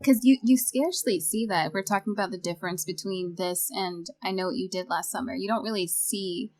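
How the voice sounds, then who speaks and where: A woman's voice: mid-range voice, a little fast. A woman co-hosting a podcast, casually discussing a film and retelling its scenes with quoted lines. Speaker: podcast co-host.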